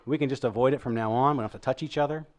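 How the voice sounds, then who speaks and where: A man's voice: medium pitch, very fast. A man who is a comedian guest, chatting casually with self-deprecating humor. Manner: self-deprecating, animated joking. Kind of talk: casual chat.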